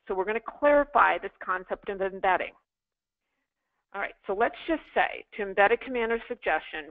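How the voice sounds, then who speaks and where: Woman coaching over a tinny line. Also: medium pitch. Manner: coaching, emphatic, repeats drills. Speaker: sales trainer. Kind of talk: interactive online class.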